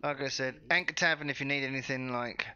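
A man's voice: mid-range voice, quick pace, muffled recording, crowd noise, close to an everyday voice. A man voicing an out-of-work Liverpool scavenger who talks in a matey, wheedling way, with a Liverpool accent.

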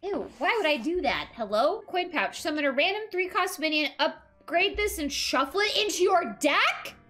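High, bright, excitable woman streamer. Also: normal speed, faint music behind. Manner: excitable, swears, talks to chat. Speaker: game streamer. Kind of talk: live gameplay commentary.

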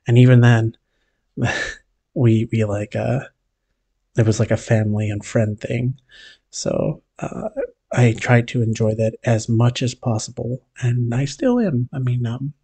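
A man giving a casual family update on his vlog, talking hesitantly with lots of pauses and restarts. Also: medium pitch, mellow, husky. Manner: hesitant, many fillers and restarts. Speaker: vlogger.

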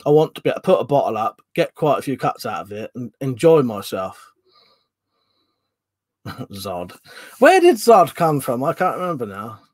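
A man's voice: medium pitch, big pitch swings, normal speed, pauses often, darkish tone, no room sound. A man hosting a casual livestream, rambling and chatty as he reads out chat messages and swears offhand. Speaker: livestream host reading chat.

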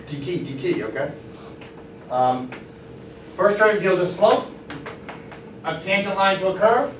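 A man teaching a math class, lively and encouraging, often asking the students questions. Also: on the high side. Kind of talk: classroom lecture. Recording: roomy classroom from far off, faint noise.

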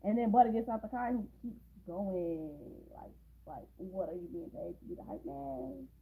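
A woman's voice: mid-range voice, expressive, moderate pace, vocal fry, a little hiss or hum. Sarcastic woman recapping a movie, tinny. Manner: sarcastic, blunt asides. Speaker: movie reaction host. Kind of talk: casual movie recap and commentary. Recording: tinny phone-like sound.

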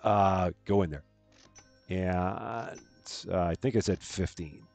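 A man hosting a gaming livestream, chatting casually and rambling while he plays, his voice jumping up high and loud when he greets viewers. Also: slow pace. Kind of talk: casual gameplay commentary. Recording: dry close mic with faint game music behind.

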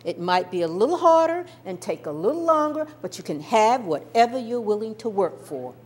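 Woman doing a gentle, reassuring mother, low and soft. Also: big pitch swings, normal speed, natural voice. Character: caring mother, quiet and steady.

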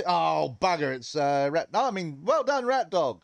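A man's voice: a little high, very animated, unhurried, creaky, no room sound. A man hosting a casual game livestream, joking and greeting viewers in chat as he rambles. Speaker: livestream host.

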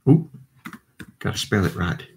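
A man with a darkish tone and a slightly slow delivery chats casually with his livestream viewers, reading their comments aloud. He sounds tired and yawns, hosting from a home desk with computers amid slight background noise.

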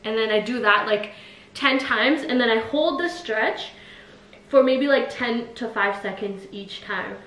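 A woman's voice: on the high side, unhurried, fairly bright tone. A woman vlogger talking casually while demonstrating a routine, chatty and full of filler words, slightly out of breath. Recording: echoey room, faint noise.

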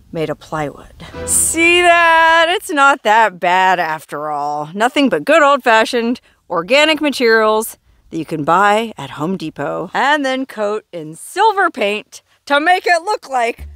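A woman hosts a chatty travel vlog in the open desert, her voice a touch high. She tells stories playfully, leaning hard on dramatic words, while faint music plays underneath. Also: sing-song, slow, a bit bright, dry recording, clean studio sound. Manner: theatrical, playful storyteller with dramatic emphasis. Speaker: travel vlogger host. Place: outdoors in the desert.

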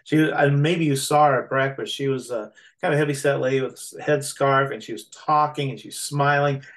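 Easygoing male trip participant on a video call, mid-pitched, rambling and quick to laugh. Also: steady tone, a bit bright. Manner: rambling storyteller, laughs easily. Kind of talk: casual chat.

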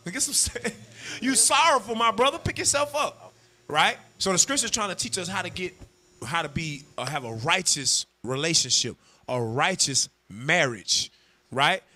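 A man preaching a street-style sermon, animated and slangy, acting out what husbands and wives say. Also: a little high.

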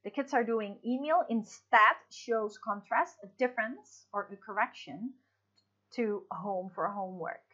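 A woman's voice: medium pitch, a little slow, a bit bright, slightly rough, muffled recording. A woman teaching English in a recorded online lesson, explaining patiently with fillers and restarts.

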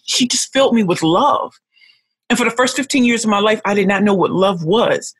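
A middle-aged woman, a pitch coach appearing as a podcast guest, tells her life story in a husky, medium-pitched voice that's animated and fairly quick. Emotional and near tears, she repeats herself and stacks phrases to drive each point home. The audio is dry and close, with no echo.

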